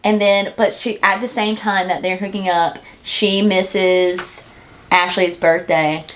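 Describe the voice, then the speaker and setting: A woman's voice: medium pitch, flat delivery, takes it slowly, fairly bright tone. A young woman casually retelling a book's plot with her co-host, chatty and full of fillers. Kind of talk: casual chat recapping a book.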